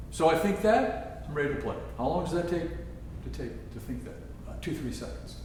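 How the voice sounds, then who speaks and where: Leading a trombone masterclass, a man demonstrates passages by breaking into scat-sung phrases, his voice on the high side, sing-song, slightly mellow, at normal speed. A distant room mic in a chapel serving as a concert hall captures echoey sound with slight background noise.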